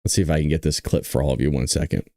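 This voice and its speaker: A man's voice: extremely low pitch, fairly even intonation, rapid-fire, mellow, dry recording, clean studio sound. A man hosting a casual talk show, joking with his viewers and teasing the chat. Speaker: host.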